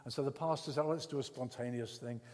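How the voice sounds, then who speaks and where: An older man from England preaching a sermon, telling his own story with repeated words and swings between loud and hushed speech. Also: medium pitch, quick pace, in a large hall. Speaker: pastor. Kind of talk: sermon with personal testimony.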